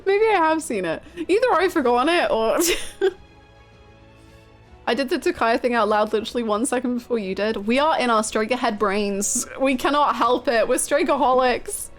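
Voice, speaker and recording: A woman's voice: fairly high pitch, normal speed, faint music behind. A woman live-streaming, chatting casually with her viewers, gushing and swearing freely. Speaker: game streamer.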